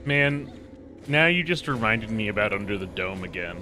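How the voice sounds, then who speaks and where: A man's voice: on the low side, expressive, normal speed, noisy background. A man chatting casually while playing a video game, rambling, swearing freely and trailing off mid-sentence. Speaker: gameplay commentator.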